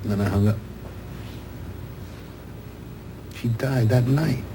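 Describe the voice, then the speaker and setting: An actor playing a middle-aged theatrical agent, loud, sardonic and self-pitying, in a 1970s TV drama. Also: male voice, medium pitch, normal speed, noisy background, natural voice. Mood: regretful. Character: loud, bitter, wisecracking male theatrical agent. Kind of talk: 1970s television drama acting.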